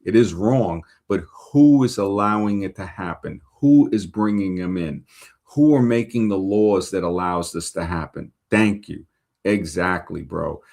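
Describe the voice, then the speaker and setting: Low-voiced New York man telling stories. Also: unhurried, creaky. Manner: rambling, animated anecdotes with many fillers. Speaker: show host reading viewer comments. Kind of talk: casual livestream chat and storytelling.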